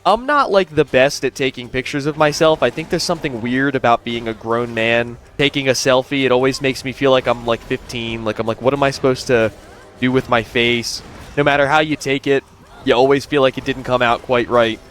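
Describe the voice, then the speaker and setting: A man's voice: mid-range voice, brisk, fairly bright tone, a little hiss or hum. A man narrating a commentary video, explaining at length and sounding incredulous.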